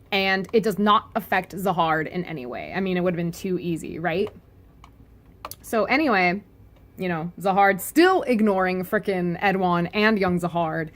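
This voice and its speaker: A woman's voice: medium pitch, animated, a little slow, a bit bright. A woman giving a casual, joking video review of a comic, talking in a loose, chatty way full of "like" and "anyway" and laughing often. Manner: chatty and giggly, with lots of "like" and "anyway"; playful and joking. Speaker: webcomic reviewer.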